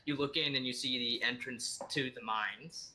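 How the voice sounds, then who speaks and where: A man's voice: mid-range voice, normal speed, pushed and bright, slight background noise. A man running a tabletop game as dungeon master, narrating casually with many fillers.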